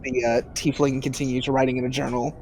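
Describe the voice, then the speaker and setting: A man narrating a tabletop game as game master, relaxed and filler-laden. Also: mid-range voice, fast talker.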